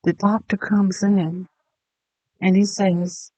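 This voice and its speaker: An online commentator delivering a mocking, profane rant that spins into a drawn-out, taunting made-up story. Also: mid-range voice, dry recording, lo-fi sound.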